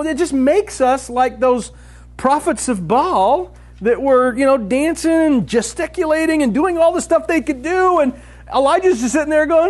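Animated man preaching a sermon. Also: very high-pitched, normal speed. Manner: animated storytelling, often breaks into laughter.

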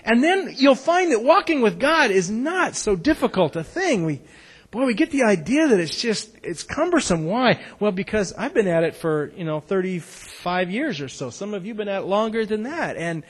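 A middle-aged man preaching a sermon, moving between loud, urgent exhortation and soft, hushed reading. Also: high voice, big pitch swings, moderate pace. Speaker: pastor.

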